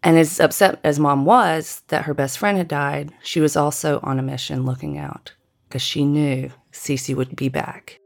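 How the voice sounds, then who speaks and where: Low-voiced middle-aged woman telling a story. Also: steady tone, vocal fry. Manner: measured, deliberate storytelling. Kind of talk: personal story narration. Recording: guitar music underneath.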